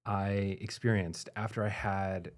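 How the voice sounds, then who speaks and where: Male podcast host, lowish voice, measured and reflective, asks open questions. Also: steady tone. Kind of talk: conversational interview.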